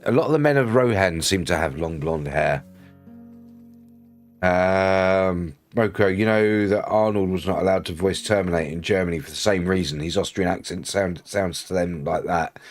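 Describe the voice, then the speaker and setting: A man's voice: low voice, normal speed, soft background music. A man chatting casually with viewers while streaming a game, greeting people and laughing often. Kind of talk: casual chat while livestreaming.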